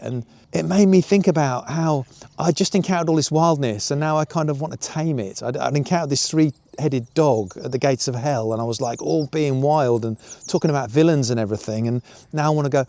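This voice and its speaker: Man, fairly high voice, reflective vlog, animated, self-questioning, filler-heavy, unscripted. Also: quick pace. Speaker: YouTuber. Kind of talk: reflective personal vlog monologue.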